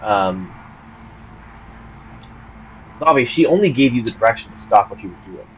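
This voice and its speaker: A man's voice: on the low side, lively intonation, normal speed, slight background noise, low-quality recording. A man narrating as game master of a tabletop game, hesitant, with lots of ums and restarts.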